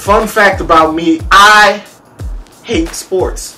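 A man hosting a casual comedic vlog to camera, self-mocking, laughing often and jumping up high in pitch for emphasis. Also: lively intonation, moderate pace, a bit bright, soft background music. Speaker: vlogger.

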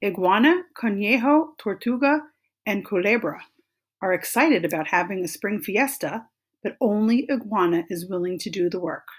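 Breathy woman reading a children's book. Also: medium pitch, normal speed. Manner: gentle, expressive reading. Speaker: storyteller. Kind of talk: children's storybook read-aloud.

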